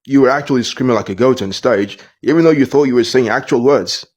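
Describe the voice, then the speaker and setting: A man voicing a calm male band manager in a cartoon, talking softly and reassuringly. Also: husky, lightly acted. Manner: soft, low, reassuring, measured.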